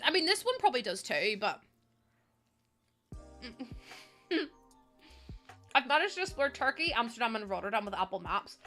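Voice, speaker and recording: A woman's voice: fairly high pitch, pushed and bright. A woman in her twenties with an Irish accent, chatting casually and rambling, often laughing, while streaming a game. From Ireland. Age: 20s. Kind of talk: casual chat while gaming. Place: at home.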